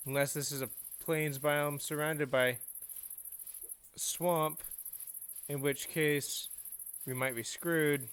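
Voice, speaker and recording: A man's voice: on the high side, steady tone, slow pace, long pauses, fairly bright tone, clear, resonant tone, no room sound. A man hosting a gaming video, chatting to himself and his viewers as he plays. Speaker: gaming channel host. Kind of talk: let's play commentary.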